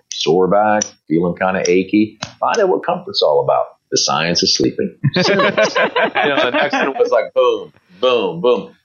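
A man's voice: lowish voice, muffled recording. A man being interviewed, telling long anecdotes in a casual, rambling way, with many fillers and restarts and quoted voices of other people. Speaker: guest.

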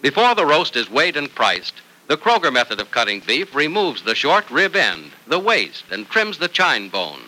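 An upbeat male announcer reading a vintage radio ad and narration. His voice is very bright and sharp, with lively swings in pitch. He speaks with a salesman's push. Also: normal speed, hardly any pauses, low-quality recording.

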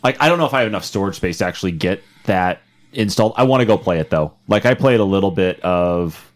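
Low-voiced laid-back host. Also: male voice, lively intonation, quick pace. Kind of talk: casual gaming podcast chat.

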